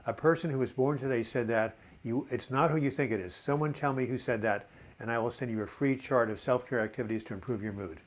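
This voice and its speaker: A man in his seventies hosting a live chat, reading viewer comments aloud and answering them in a halting, encouraging way. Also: mid-range voice. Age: 70s. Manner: halting, frequent uh and repeated words.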